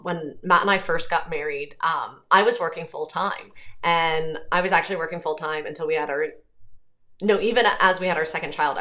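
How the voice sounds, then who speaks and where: Irish woman in her thirties, lowish voice, earnest conversational host, casual livestream chat, unhurried pauses. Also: a bit bright.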